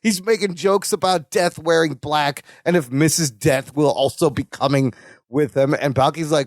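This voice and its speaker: A man's voice: a little high, normal speed, dry recording, studio quality. A man co-hosting a podcast, casually recapping a sitcom episode and acting out the characters' lines. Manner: animated, acts out lines in character voices. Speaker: podcast co-host.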